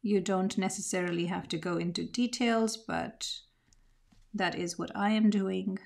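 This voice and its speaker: A woman's voice: medium pitch, steady tone, unhurried, vocal fry, a little mellow. A woman teaching a mixed media art lesson, talking reflectively as she draws and often searching for her words. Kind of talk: craft tutorial narration.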